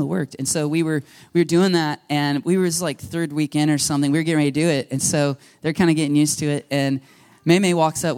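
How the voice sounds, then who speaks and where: A man in his thirties preaching a sermon, telling a family story with lively, animated delivery and high jumps in his voice when quoting. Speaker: pastor.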